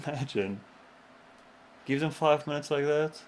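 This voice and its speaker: A man co-hosting a gaming livestream, chatting in an animated way and stopping to search for words. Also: on the high side, measured pace, slight background noise. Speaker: co-host of a gaming stream. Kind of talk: casual chat.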